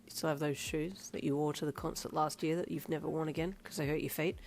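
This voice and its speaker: A woman voicing a protective, teasing young man who speaks in a low, provocative tone. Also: fairly even intonation, fast, vocal fry, darkish tone.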